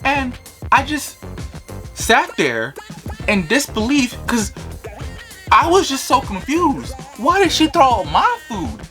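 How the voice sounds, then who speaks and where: A young man telling a comic childhood story in a storytime vlog, animated and full of profanity. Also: very high-pitched, takes it slowly, pauses often, over music. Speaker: vlogger.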